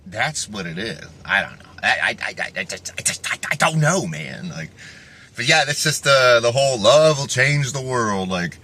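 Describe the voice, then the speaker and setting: A man's voice: medium pitch, animated, normal speed, pushed and bright, husky. A man giving a rambling, profane vlog monologue, often breaking off and restarting his sentences. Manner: profane, restless, self-interrupting. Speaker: fitness vlogger.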